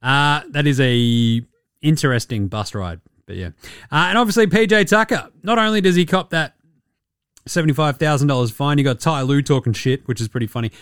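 A man's voice: fairly high pitch, big pitch swings, fairly quick, fairly bright tone, no room sound, clean studio sound. A young man hosting a casual solo sports podcast, rambling and joking with plenty of swearing. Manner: rambling, profane, jokey. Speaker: podcast host.

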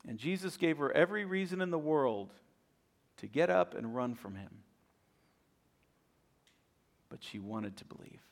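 High-voiced animated male pastor preaching. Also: unhurried, creaky, long pauses. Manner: animated storytelling, acts out voices, repeats words when excited. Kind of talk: sermon.

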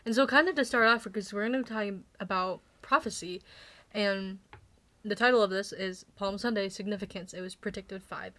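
A young woman co-hosting a faith podcast with her mother, upbeat and speaking in quick, excited bursts. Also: mid-range voice. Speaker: podcast co-host, daughter.

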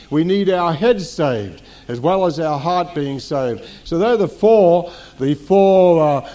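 A middle-aged male pastor gives a teaching sermon in a church, his voice pitched fairly high yet soft and mellow in tone. He leans on repetition, circling back to key phrases and throwing rhetorical questions out to the congregation. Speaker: senior pastor.

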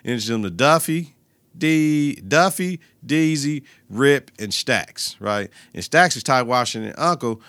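A man hosting a podcast, recapping a TV episode in a loose, animated way, slipping into the characters' lines and laughing as he goes. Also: medium pitch, unhurried, dry recording. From Milwaukee, Wisconsin. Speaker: podcast host.

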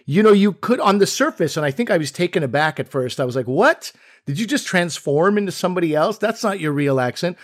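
Animated man co-hosting a chat. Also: fairly high pitch. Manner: animated, acts out quoted voices. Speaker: podcast co-host. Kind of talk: casual conversation.

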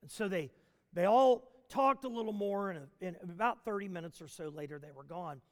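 A man telling a story in a sermon, animated, with frequent restarts and fillers. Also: sits high, normal speed. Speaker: preacher. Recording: long hall reverb.

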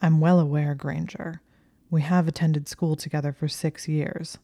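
A woman reading the lines of a cold, resentful teenage boy wizard, clipped and flat. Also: sits low, measured pace, no echo, clean studio sound.

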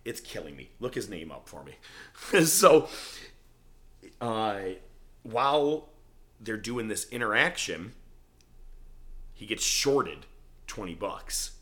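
A man's voice: lowish voice, very animated, slow pace, pauses often, a bit bright. A male podcast host chatting casually, animatedly retelling scenes and acting out quoted lines. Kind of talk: casual chat recapping a TV show.

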